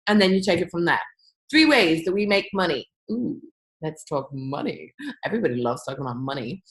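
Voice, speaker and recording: A young woman talks in a bouncy, chatty way, her voice jumping up high for emphasis as she makes her pitch on a call. She sounds like she's at home, with her voice ringing around a bare, echoey room. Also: expressive, fairly quick. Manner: chatty and upbeat, big leaps in pitch, playful asides. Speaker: business team presenter on a group call. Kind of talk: animated sales pitch to a call audience. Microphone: computer or phone on a call.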